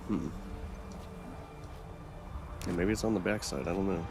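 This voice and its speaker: A man's voice: low voice, a little slow, music in the background. A man giving loose, rambling let's-play commentary while he plays, thinking aloud and swearing now and then. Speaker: gaming channel host.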